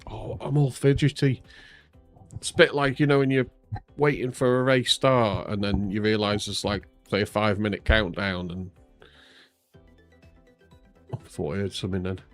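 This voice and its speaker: A man's voice: on the low side, fairly even intonation, moderate pace, long pauses, faint music behind. A man streaming his sim racing, chatting casually and self-deprecatingly with lots of fillers while he waits for an interview. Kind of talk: casual live-stream chat.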